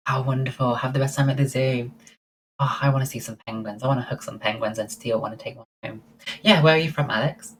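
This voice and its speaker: A woman's voice: a bass voice, fairly even intonation, fast, a little hiss or hum, low-quality recording. A woman livestreaming, chatting casually and answering her viewers' messages one by one. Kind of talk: casual chat with live viewers.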